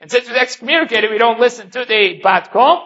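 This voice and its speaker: A man's voice: extremely high pitch, expressive, quick pace, sharp tone. A man giving a daily Talmud lesson, explaining each point step by step and weaving in Hebrew and Aramaic terms. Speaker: Talmud teacher. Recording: dull lo-fi recording.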